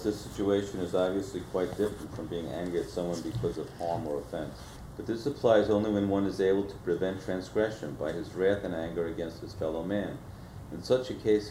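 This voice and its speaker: A man reading a religious text aloud in a formal, measured manner. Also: low voice, mellow, slight background noise. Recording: echoey room.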